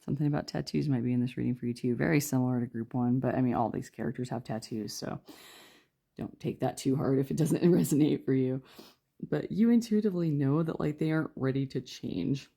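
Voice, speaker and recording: Woman tarot reader, gravelly and dark-toned, hushed and chatty. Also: very deep voice, brisk. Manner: chatty, rambling, lots of fillers; talking quietly. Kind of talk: casual spoken tarot reading.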